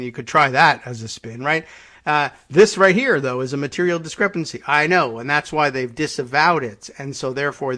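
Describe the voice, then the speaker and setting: Brief: male talk host, slightly higher voice, reads headlines then adds dry sarcastic commentary. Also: bright, forceful tone. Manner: wry, sarcastic asides between read passages. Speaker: podcast host. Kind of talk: reading news aloud with commentary.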